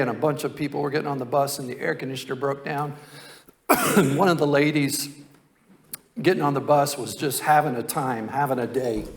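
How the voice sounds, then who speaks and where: A male pastor preaching a sermon in a conversational, folksy storytelling way. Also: medium pitch.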